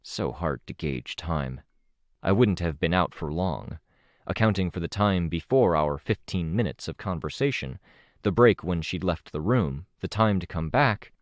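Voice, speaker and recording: A man narrating an audiobook in a steady, measured way, recorded close to the mic. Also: deep voice, dry recording. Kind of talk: scripted narration.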